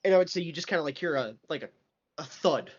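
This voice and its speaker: Man, game master, tabletop game narration, fairly high voice, filler-heavy, dull lo-fi stream sound. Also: expressive, quick pace. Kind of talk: narrating a tabletop role-playing game live. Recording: lo-fi stream audio.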